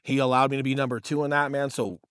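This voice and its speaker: A man's voice: mid-range voice, little pitch movement, fast talker, a bit bright, clean tone, dry recording. A man in his thirties co-hosting a podcast, telling stories in a casual, profane way, calling listeners bro and dude. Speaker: podcast co-host and real estate agent. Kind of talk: casual storytelling chat.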